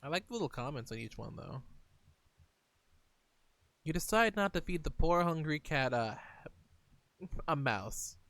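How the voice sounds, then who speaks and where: A man's voice: fairly high pitch, big pitch swings, normal speed, vocal fry, pauses often, fairly bright tone, dry recording. A male streamer reading a text adventure aloud in a theatrical way, with playful asides between passages. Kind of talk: reading a text game aloud while playing.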